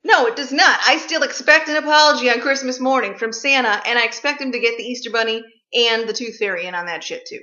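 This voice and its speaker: A woman's voice: fairly high pitch, fast, few pauses, sharp tone. A woman vlogger delivering a blunt, sarcastic, profane comic rant. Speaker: vlogger ranting about gifts. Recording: echoey room, slightly dull sound.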